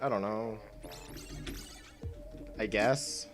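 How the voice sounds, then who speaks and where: A man's voice: lowish voice, fairly even intonation, very slow, over music. A young man from Canada chatting casually on a game live stream, rambling and self-mocking, laughing often. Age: young adult.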